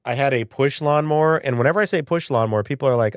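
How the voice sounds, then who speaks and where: A man's voice: mid-range voice, rapid-fire, hardly any pauses, clear, resonant tone, no room sound, clean studio sound. A man in his early forties hosting a live stream, chatting casually and rambling, reading viewers' messages and swearing now and then. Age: early 40s. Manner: rambling, chatty, swears, reads chat aloud.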